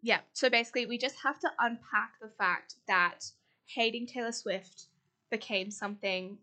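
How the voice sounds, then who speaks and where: Young woman podcast co-host, fairly high bright voice, rambly and giggly. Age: young adult. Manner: quick, giggly, rambling explanations. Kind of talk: casual chat.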